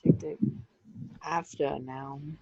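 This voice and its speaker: A woman's voice: sits low, fairly even intonation, unhurried, vocal fry, a little mellow, highs cut off. A woman student giving short, hesitant answers in an online class. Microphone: video call.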